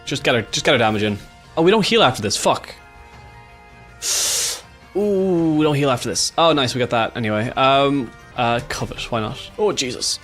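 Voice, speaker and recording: An Irish man giving casual, excitable gameplay commentary, swearing freely and thinking aloud as he plays. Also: mid-range voice, fast talker, faint music behind. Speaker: gaming YouTuber.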